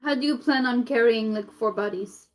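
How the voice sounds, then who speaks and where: A woman's voice: fairly high pitch, normal speed. A woman playing a cleric in a tabletop game, asking blunt, incredulous questions. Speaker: player. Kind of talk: in-character tabletop play.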